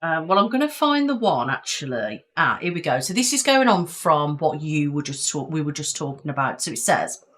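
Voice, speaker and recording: A young woman with a Midlands English accent talks quickly and emphatically in an easygoing podcast chat. Her voice sits notably low for a woman. She co-hosts the show in a loose, conversational way. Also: sing-song, a bit bright. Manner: fast, chatty and emphatic. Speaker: podcast co-host. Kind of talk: casual chat.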